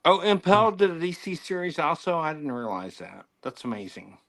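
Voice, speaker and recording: A man's voice: fairly high pitch, big pitch swings, moderate pace, a bit bright. A man co-hosting a casual talk show, enthusiastic and fond of quizzing his co-hosts with questions. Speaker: co-host. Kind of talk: casual chat.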